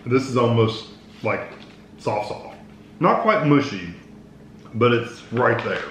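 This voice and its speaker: A man co-hosting a casual taste-test video, calmly describing flavors and textures. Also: mid-range voice, a little slow. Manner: calm, descriptive, agreeable. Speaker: co-host of food review channel. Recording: roomy with faint noise.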